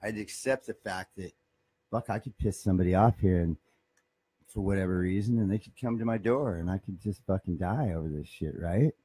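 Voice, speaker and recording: A man's voice: deep voice, a little fast, dark tone, slightly rough, no room sound. A man who runs a guitar shop, talking in a rambling, profane and boastful way. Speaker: guitar shop owner and bassist. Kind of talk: casual comedic monologue.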